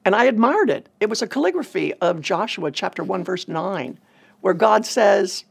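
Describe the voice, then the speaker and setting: A woman, a ministry leader, telling a personal testimony in an earnest, measured way. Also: mid-range voice, lively intonation, vocal fry, slightly rough.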